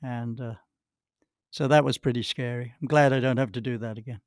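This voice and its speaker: A man's voice: mid-range voice, steady tone, brisk, no echo, studio quality. An older man, a podcast guest, telling long rambling anecdotes with many restarts and acted-out quotes. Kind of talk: anecdotal storytelling.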